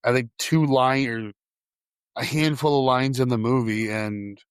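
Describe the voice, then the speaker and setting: A man's voice: mid-range voice, fairly even intonation, measured pace, smooth, no room sound. A man hosting a casual film podcast, retelling scenes and laughing often as he talks. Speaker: podcast host.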